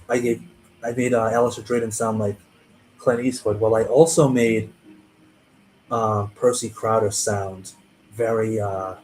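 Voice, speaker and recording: A man's voice: mid-range voice, a little mellow, a little hiss or hum, low-quality recording. A man, an author, casually talking through the characters of his book on a livestream, chatty and restarting his sentences. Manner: chatty, self-interrupting, with small restarts. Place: home livestream setup.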